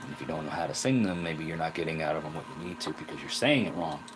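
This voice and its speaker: A man's voice: rumbling low, expressive, very fast. A man hosting his own channel, talking casually about rune names while he works, asking rhetorical questions and playing down his own views. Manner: musing, self-deprecating, asks rhetorical questions. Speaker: rune craft channel host. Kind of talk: casual explanatory talk while crafting. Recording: noisy home recording.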